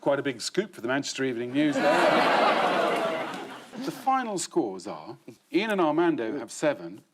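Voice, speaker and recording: A man guest-hosting a comedy news quiz in a TV studio, reading questions with dry, deadpan punchlines. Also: mid-range voice, moderate pace, a loud crowd, very noisy. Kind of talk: scripted panel-show hosting. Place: TV studio with live audience.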